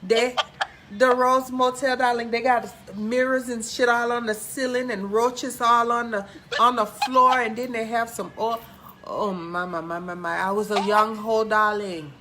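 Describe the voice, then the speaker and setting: A man's voice: very high voice, fairly even intonation, unhurried, heavy background noise. A man voicing a brash, flamboyant female psychic hotline host with a drawl who says "darling" constantly. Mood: sassy. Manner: drawling, peppers every line with "darling".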